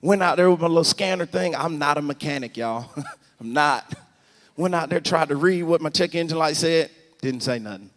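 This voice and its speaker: A man preaching a storytelling sermon, animated and talking straight to the congregation, often rising to a shout. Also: fairly high pitch, normal speed. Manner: animated, swings to shouting, addresses the congregation directly. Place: large church sanctuary. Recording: long church reverb.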